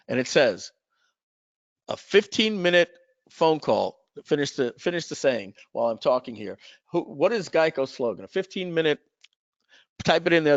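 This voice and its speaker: A man's voice: medium pitch, no echo, muffled recording. A man hosting a live webinar, talking in a chatty sales manner and telling stories with asides. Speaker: webinar host.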